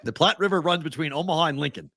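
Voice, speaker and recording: A young adult man co-hosting a sports betting show, talking in an animated, exasperated and profane way. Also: on the high side, very fast, no room sound, clean studio sound. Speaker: sports talk co-host. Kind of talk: casual sports chat.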